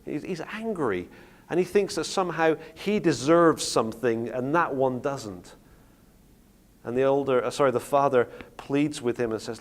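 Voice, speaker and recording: A middle-aged man preaching on a Bible story, retelling it with lively acted-out quotes. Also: medium pitch, unhurried, long pauses. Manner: animated storytelling, acting out quoted lines. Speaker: preacher teaching on Bible stories. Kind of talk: sermon-style teaching talk.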